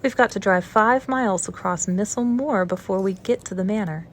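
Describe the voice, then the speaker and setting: A woman's voice: mid-range voice, normal speed, a little hiss or hum, close to an everyday voice. A woman doing a stern housekeeper with a Yorkshire accent. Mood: firm. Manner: firm, matter-of-fact instructions. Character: stern middle-aged housekeeper woman, brisk.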